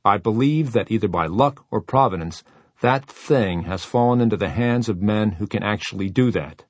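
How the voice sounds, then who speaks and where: A man reading an audiobook, voicing a calm, measured sergeant. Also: on the low side, dry recording, natural voice. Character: calm steady older male sergeant.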